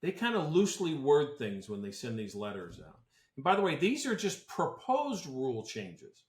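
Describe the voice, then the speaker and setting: A man's voice: mid-range voice, wildly swooping pitch, normal speed. A man who advises on tax planning talks on a podcast in a casual, blunt and opinionated way, often restarting his sentences. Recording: roomy echo.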